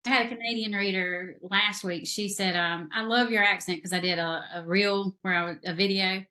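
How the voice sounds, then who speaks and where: A woman's voice: mid-range voice, fairly even intonation, normal speed, pushed and bright. A woman author with a South Carolina accent, a guest on a podcast, talking casually and rambling with many fillers. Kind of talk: casual interview chat.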